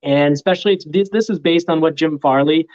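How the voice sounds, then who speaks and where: A man joining a live chat as a guest car reviewer over a remote call, explaining things quickly and with confidence. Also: fairly high pitch, a little mellow. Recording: dull lo-fi call audio.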